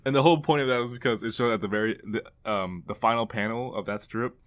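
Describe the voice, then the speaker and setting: A man's voice: mid-range voice, quick pace. A young man co-hosting a podcast, recounting things in an easygoing, chuckling way. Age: young adult. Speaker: podcast co-host. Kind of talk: casual chat.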